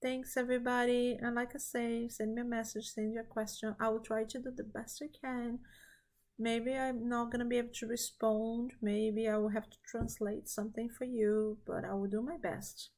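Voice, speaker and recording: A woman's voice: fairly high pitch, level tone, normal speed, darkish tone. A woman speaking English as a second language, hosting a casual spiritual talk to camera, earnest and reassuring, repeating her key phrases. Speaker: spiritual reading channel host.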